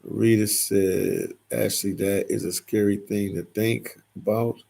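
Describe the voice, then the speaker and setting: Gravelly deep-voiced man reading live chat. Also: little pitch movement, slow pace, warm tone. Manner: reads chat comments aloud and replies, repeats phrases. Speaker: livestream host reading viewer comments. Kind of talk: casual livestream chat.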